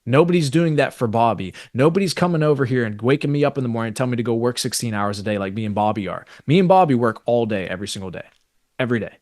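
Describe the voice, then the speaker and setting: Man, rapid-fire delivery, dry close sound, swearing, worked up, motivational business talk. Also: mid-range voice, expressive, darkish tone, dry recording. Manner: fired-up, profane and emphatic. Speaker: co-host.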